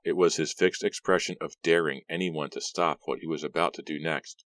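A man narrating an audiobook in a steady, measured way. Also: a bass voice, dry recording. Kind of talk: scripted narration.

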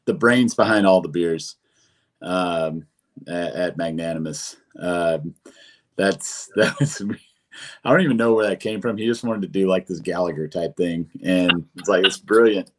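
A man, a brewery co-founder, talking casually as a guest, rambling with many fillers and restarts. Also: low voice. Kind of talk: casual chat.

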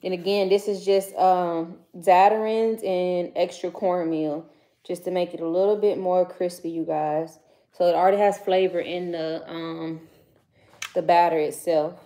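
A woman's voice: lowish voice, fairly even intonation, measured pace, mellow. Chatty woman vlogging while she cooks. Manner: chatty, talks to viewers and to her kids off camera between steps; loose, slangy casual speech. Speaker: vlogger cooking for her channel. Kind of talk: casual chat while cooking. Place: home kitchen. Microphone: phone camera nearby, set down at times.

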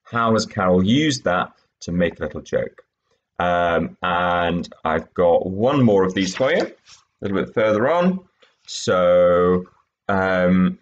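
A male English teacher explaining tasks in a recorded lesson, patient and clear, with some fillers. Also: low voice, expressive, slow pace, highs cut off. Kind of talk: recorded lesson with read-aloud extracts.

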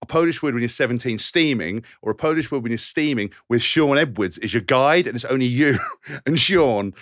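A man's voice: medium pitch, lively intonation, fairly quick, fairly bright tone, no room sound, studio quality. A man in his thirties, a podcast co-host and former rugby player, rambling through tour stories and acting out the voices in them. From England. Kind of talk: casual anecdote telling.

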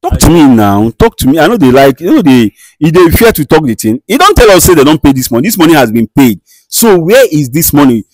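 A man with a Nigerian accent acting as a show host who calmly mediates a dispute and questions firmly. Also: fairly high pitch, a little fast, hardly any pauses, dry recording. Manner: soothing, repeats "calm down", firm questioning. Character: male show host, calm and commanding mediator. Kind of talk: comedy skit acting.

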